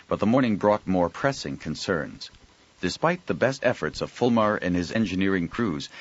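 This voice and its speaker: A man narrating an audiobook in an even storytelling delivery. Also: deep voice, highs cut off. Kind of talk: scripted narration.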